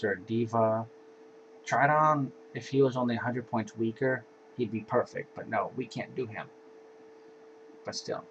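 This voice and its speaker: A man casually walking through his card game deck in an offhand, laid-back way, with sighs and yawns between cards. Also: fairly low pitch. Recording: dull lo-fi home recording with faint hiss.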